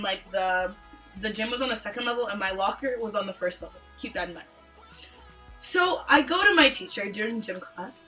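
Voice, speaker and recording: A woman's voice: medium pitch, rough recording. A young woman from Canada chatting casually in a storytime vlog, joking and acting out the people in her stories. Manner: animated, joking, acts out quoted lines. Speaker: vlogger.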